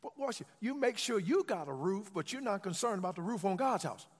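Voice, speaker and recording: A fairly quick, very animated male pastor with a high-sitting, slightly rough voice leads a sermon where the congregation repeats his emphatic, repetitive phrases in call-and-response. The recording, made in a church sanctuary, has the long reverb of the hall.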